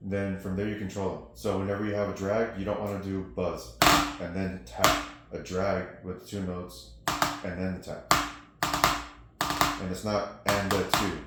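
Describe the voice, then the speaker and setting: A man with a very low voice teaches snare drum, counting rhythms aloud between demonstrations. He is recorded in an echoey practice room, with loud noise behind him. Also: little pitch movement, normal speed. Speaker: percussion teacher. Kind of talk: instructional snare lesson. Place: practice studio with drums.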